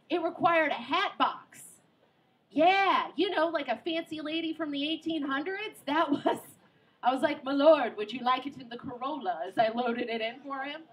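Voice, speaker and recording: High-voiced woman doing stand-up. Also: rough recording. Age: 30s. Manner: animated, joking, quick asides. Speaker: stand-up comedian and show host. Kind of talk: stand-up comedy. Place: outdoor comedy show on a pier. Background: audience.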